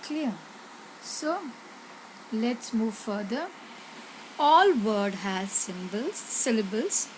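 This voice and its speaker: A woman's voice: on the high side, lively intonation, a little hiss or hum, poor audio. A woman teaching a grammar lesson, explaining step by step and asking her pupils questions. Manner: slow, deliberate, repeats words and asks pupils questions. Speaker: English teacher.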